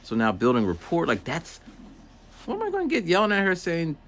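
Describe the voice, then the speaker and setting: A man's voice: a little high, wildly swooping pitch, fairly quick, fairly bright tone, slight background noise. A man who works as a teacher's aide, rambling through a casual story outdoors while walking and acting out voices. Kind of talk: casual walking vlog monologue.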